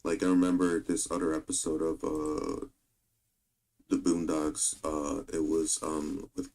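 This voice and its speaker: A man in casual livestream chat who speaks haltingly, in hesitant fragments. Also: very deep voice, little pitch movement, creaky, darkish tone, poor audio. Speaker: co-host on a livestream.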